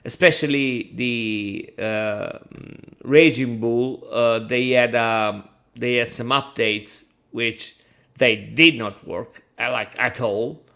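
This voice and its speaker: A man's voice: medium pitch, steady tone, slow, vocal fry, pushed and bright. A man co-hosting a casual motorsport podcast, talking hesitantly with many fillers and restarts. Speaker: podcast co-host, F1 commentator. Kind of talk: casual chat.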